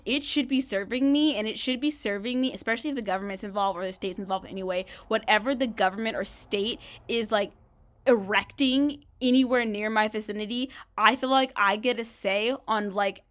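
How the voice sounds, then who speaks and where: A young woman vlogging casually from a bedroom, chatty and rambling, full of "like" fillers and quick laughs. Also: medium pitch. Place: bedroom in an apartment.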